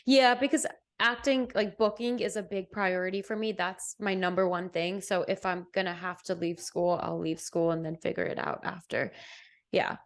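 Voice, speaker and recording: A woman's voice: on the low side, fairly even intonation, normal speed. A woman in her thirties who grew up in England and Botswana, speaking with an American accent touched by British, chatting animatedly as a podcast co-host. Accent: American, with some British. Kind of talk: casual interview chat.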